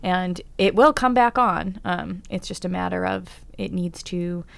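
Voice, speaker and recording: A woman co-hosts a radio talk show in a relaxed, conversational tone. Her lowish voice carries some vocal fry and stays smooth. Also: unhurried. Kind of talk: casual radio talk chat.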